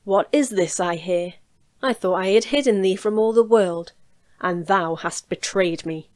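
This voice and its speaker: A hard-hearted old witch from a storybook, drawing out her words slowly in a mocking, threatening way, as a woman reads her out. The voice sits in a middle pitch, and the sound is dry and close, with no room around it. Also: a little mellow, no room sound, lightly acted. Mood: angry.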